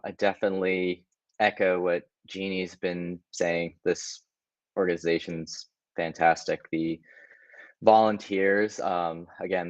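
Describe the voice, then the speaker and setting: A man's voice: low voice, dry recording, highs cut off. A man, the conference organizer, speaking earnestly and hesitantly over a video call, with many ums. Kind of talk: casual remarks at a virtual conference.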